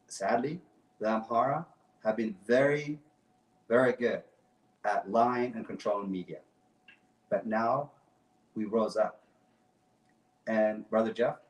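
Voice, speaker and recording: A man's voice: medium pitch, unhurried, long pauses, echoey room, distant mic, poor audio. A man speaking as a guest on a talk show, passionate and emphatic, often repeating his phrases. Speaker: guest activist. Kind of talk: impassioned talk show speech.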